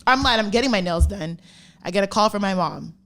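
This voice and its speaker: Female podcast co-host, lively storyteller, casual and profane. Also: mid-range voice, a little fast. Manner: animated storyteller, acts out quoted dialogue, swears casually. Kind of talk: casual chat.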